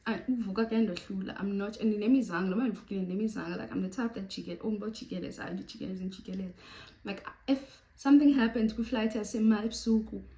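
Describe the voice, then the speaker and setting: A young South African woman telling a story to camera in a lively storytime vlog, slipping between Xhosa and English. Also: mid-range voice, reverberant, low-quality recording. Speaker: YouTuber.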